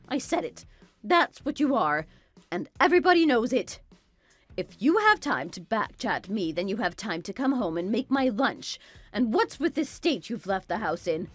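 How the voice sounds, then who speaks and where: A woman voicing a domineering, spiteful older mother-in-law in a dramatized story, scolding and belittling. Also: mid-range voice. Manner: scolding, contemptuous, bossy.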